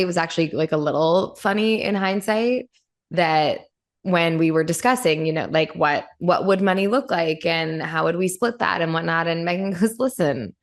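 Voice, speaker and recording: Candid lower-voiced woman podcast host. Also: vocal fry. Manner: candid, rambling, says "like" often. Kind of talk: casual chat.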